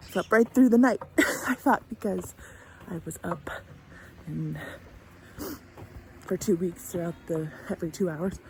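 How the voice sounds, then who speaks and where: This young woman's voice is on the low side, creaky and dark, with a little hiss or hum in the recording. A homesteader vlogging from her barn, she speaks casually to the camera and her cow, tearful and emotional at moments.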